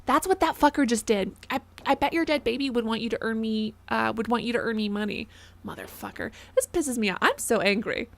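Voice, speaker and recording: A woman's voice: a little high, a little fast, gravelly. A young woman streaming a game, chatting casually, giggling, reading donations aloud and yelping when startled. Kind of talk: casual live gameplay commentary.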